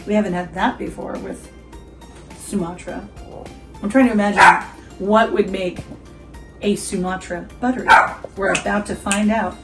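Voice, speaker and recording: A woman's voice: medium pitch, steady tone, normal speed, long pauses, over loud music, rough recording. A woman hosting a casual coffee-review vlog at home. She chats and giggles, quizzes her viewers, and makes asides to her dog.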